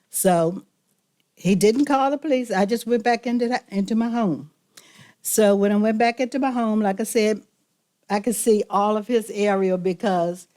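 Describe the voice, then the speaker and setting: A woman's voice: mid-range voice, a little mellow. A woman telling the board a story about her neighbor during public comment. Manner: storytelling, recounting a dispute. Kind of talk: public comment at a county meeting.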